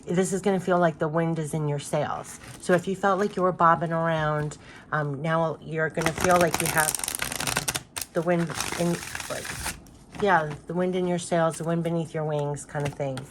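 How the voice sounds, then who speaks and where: A woman in a relaxed card-reading monologue, her pitch sitting somewhat low. Her voice is congested from allergies, and she talks in loose, repetitive phrases with many fillers. A faint hum of ambient noise sits behind her. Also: normal speed. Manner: chatty, repetitive, with frequent fillers and laughs. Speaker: spiritual card reader. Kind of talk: casual spoken card reading.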